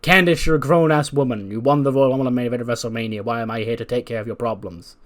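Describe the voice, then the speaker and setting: A blunt male wrestler and husband, as a man voices him, plain and exasperated in his talk, in a mid-pitched, everyday voice. He speaks quickly and bluntly. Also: natural voice.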